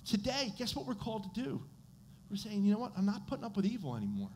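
A man's voice: high-pitched, fast talker, slight background noise. A man with an American accent preaching a sermon as pastor, quizzing his congregation and answering his own questions. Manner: animated, asks the congregation questions and answers them. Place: church sanctuary.

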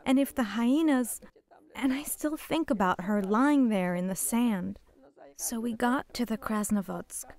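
An older woman whose first language is Polish, giving a halting, emotional personal testimony as a survivor. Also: a little high, a little mellow. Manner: emotional, halting storytelling, repeating words.

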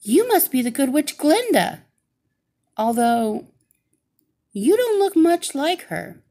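A woman voicing a polite, puzzled young girl heroine in a storybook reading, higher than her own voice. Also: very animated, slow pace, warm tone, heavily acted.

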